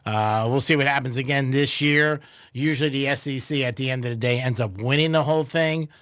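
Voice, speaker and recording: A man's voice: mid-range voice, brisk, fairly bright tone, no echo, studio quality. A man hosting a radio talk show, chatting loosely with many fillers and frequent laughs, then talking sports.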